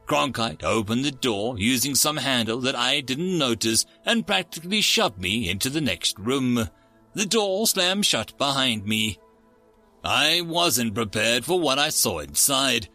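A man's voice: mid-range voice, very animated, a little slow, pushed and bright, faint music behind. A man narrating a first-person story in a wry, sardonic way.

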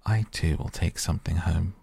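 A man's voice: low-pitched, fairly even intonation, normal speed, vocal fry, mellow, breathy edge, dry recording, full character voice. A man reading the lines of a young girl in a fairy tale. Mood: earnest. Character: young girl, frightened then brave.

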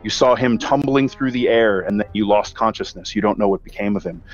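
A man's voice: fairly low pitch, fairly quick. A man narrating as game master of a tabletop game, telling the scene vividly with small hesitations. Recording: dull lo-fi audio, faint music.

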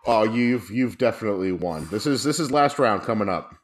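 A man's voice: fairly low pitch, lively intonation, a little fast. A young man co-hosting a casual podcast, joking and swearing as he runs a movie quote game. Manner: profane, laid-back, joking. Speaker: podcast co-host.

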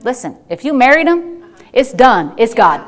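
A woman's voice: on the high side, big pitch swings, normal speed. A woman pastor preaching a fervent sermon and calling out to her congregation. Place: church service.

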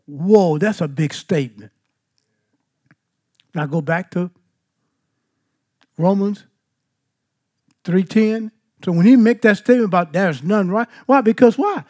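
Slow, questioning preacher man. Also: high voice, warm tone. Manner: asks the listeners questions and answers them. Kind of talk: bible study sermon.

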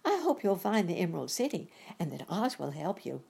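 Woman putting on a high-pitched kind mother stork, storybook, husky gravelly voice. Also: big pitch swings, a little fast, mellow, heavily acted.

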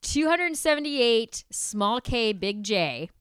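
A woman's voice: on the high side, sing-song, slow pace, a bit bright, smooth, no room sound, studio quality. A woman chatting animatedly on a podcast, swearing casually and piling on "like" fillers. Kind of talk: casual chat.

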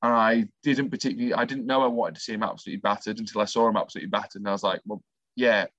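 A man's voice: lowish voice, level tone, racing, fairly bright tone, dry recording. A man co-hosting a talk show, telling stories keenly in casual chat. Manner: enthusiastic storyteller, chatty. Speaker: co-host, former athlete. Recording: dry, slightly dull sound.

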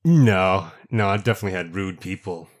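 A man co-hosting a casual podcast chat, joking and quick to laugh. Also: deep voice. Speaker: podcast co-host.

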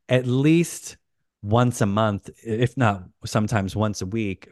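A man's voice: fairly low pitch, dry recording, studio quality. A man as a podcast guest, chatting casually and animatedly, often restarting his sentences. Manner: animated, rambling with many restarts. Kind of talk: casual chat.

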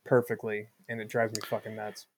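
A man's voice: lowish voice, completely flat delivery, fairly quick, slight background noise. Blunt, sardonic man in casual chat. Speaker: podcast co-host.

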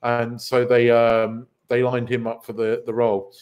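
A man's voice: medium pitch, completely flat delivery, a little slow, darkish tone. A man hosting a casual film podcast, rambling and correcting himself, with the odd swear word. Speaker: podcast host.

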